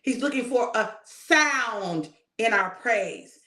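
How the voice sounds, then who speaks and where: Woman minister, informal sermon, emphatic and direct, fairly high voice, roomy echoey sound. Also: animated, slow, sharp tone. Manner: emphatic and conversational, addressing listeners directly. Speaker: prophetic minister.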